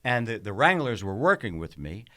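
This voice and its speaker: Older man, lively storyteller. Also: fairly low pitch, moderate pace. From South Philadelphia. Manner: animated storyteller who acts out quoted voices. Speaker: podcast host. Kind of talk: casual storytelling chat.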